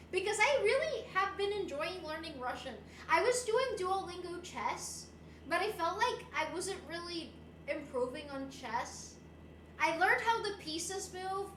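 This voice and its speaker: A woman's voice: high-pitched, pushed and bright, roomy sound, a little hiss or hum. A young woman streaming live, chatting playfully with her viewers and switching between English and Spanish. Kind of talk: casual live-stream chat.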